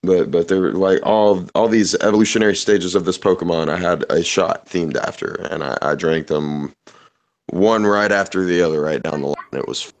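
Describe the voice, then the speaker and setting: A man's voice: low voice, fairly even intonation, moderate pace. A man in casual chat on a voice call, telling rambling, profane stories and laughing often. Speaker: podcast host.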